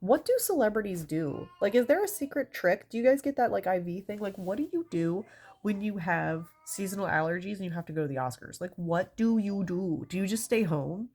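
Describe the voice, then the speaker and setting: A woman's voice: mid-range voice, expressive, brisk, mellow. A woman with a stuffy, congested nose, doing a stand-up comedy bit in an exasperated, rambling way, swearing often.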